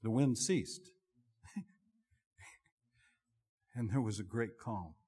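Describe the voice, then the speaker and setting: A middle-aged male pastor preaching a sermon in an expressive, conversational and self-deprecating way. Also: lowish voice, slow, breathy edge. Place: church sanctuary. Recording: long reverb of a large hall.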